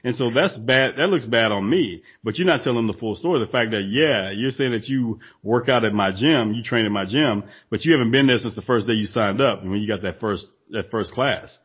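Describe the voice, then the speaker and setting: Man, co-host, husky and a little muffled, emphatic, repeats himself for weight. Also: medium pitch, brisk, hardly any pauses. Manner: emphatic, repeats phrases for stress. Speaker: podcast co-host, former gym owner. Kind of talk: casual business chat.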